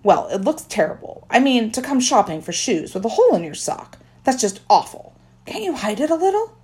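A woman's voice: fairly high pitch, big pitch swings, fairly quick, darkish tone, voice pushed up. Woman doing a fretful, fussy mother. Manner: fretful, scolding. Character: fussy worried mother, middle-aged woman.

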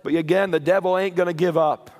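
A man preaching a sermon with passion, rising to shouted peaks and repeating words. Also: sits high, steady tone, fast, long reverb tail. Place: church or camp meeting hall.

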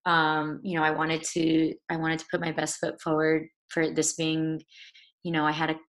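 A young actress, appearing as an interview guest, recounts a personal story haltingly, restarting often and sometimes tearing up as her voice breaks. Her voice sits low and stays monotone.

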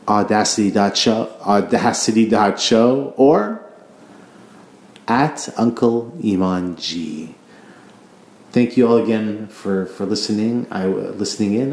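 A man's voice: lowish voice, darkish tone. A man hosting a casual solo podcast, ranting in a rambling, profane way and stumbling over repeated words. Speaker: podcast host. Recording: echoey room.

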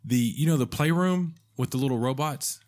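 A man's voice: medium pitch, a little mellow. A man hosting a podcast in casual chat, enthusiastic and joking. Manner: enthusiastic, joking, quick to laugh. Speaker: podcast host.

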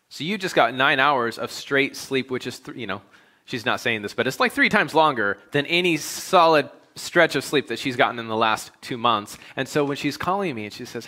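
Man, pastor, sermon, bright tone, conversational storytelling, young adult. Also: medium pitch, moderate pace. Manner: conversational storytelling, animated when quoting himself.

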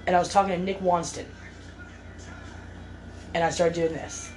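A young woman casually telling a story, animated and laughing, acting out the voices of others. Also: lowish voice, moderate pace, soft background music, rough recording.

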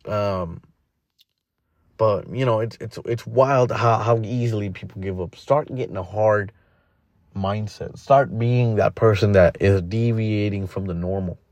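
A man's voice: on the low side, a little slow, a little mellow, dry recording, muffled recording. A man hosting a podcast, giving a blunt, casual motivational monologue full of fillers and restarts. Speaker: podcast host.

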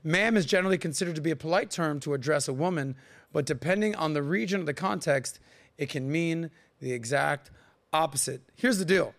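A man's voice: on the high side, brisk, gravelly. A man in his forties hosting a podcast, chatting casually and acting out voices as he tells stories. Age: 40s. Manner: animated storyteller who acts out accents and voices. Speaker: podcast host. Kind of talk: casual chat.

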